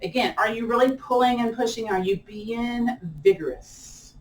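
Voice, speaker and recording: A woman's voice: a little high, steady tone, moderate pace, distant mic. A woman with an American twang talks a class through chair yoga in a chatty, playful way, often laughing at her own remarks. She is picked up from across an echoey room, with a faint hiss behind her. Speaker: yoga instructor.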